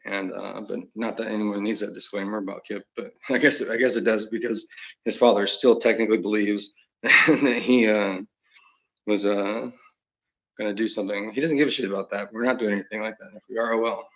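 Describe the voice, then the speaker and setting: A man's voice: lowish voice, steady tone, fairly quick, fairly bright tone, lo-fi sound. A man talking in a rambling monologue, chuckling often and slipping into quoted voices. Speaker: channel host.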